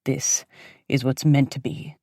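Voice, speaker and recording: A woman's voice: rumbling low, level tone, unhurried, mellow, breathy edge, dry recording, studio quality, voice pushed down, full character voice. A woman voicing an obsessive, unhinged young ex-boyfriend who is strained and menacing. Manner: pleading turning to menacing, strained.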